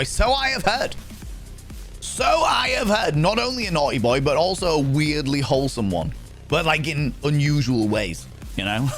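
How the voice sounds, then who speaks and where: Playful male streamer, lively voice. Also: on the high side. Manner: playful, teasing, greets viewers by name. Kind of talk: casual live-stream chat.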